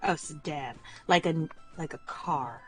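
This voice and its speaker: A woman player in a tabletop game, chatting quickly and casually. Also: deep voice, faint music behind.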